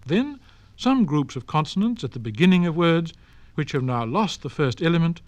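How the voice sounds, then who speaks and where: A man giving a scripted lecture in a precise, deliberate way, slowing down to sound out example words, on a dry 1960s studio LP recording. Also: fairly high pitch, expressive, no room sound. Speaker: lecturer on Old English. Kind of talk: scripted spoken-word lecture.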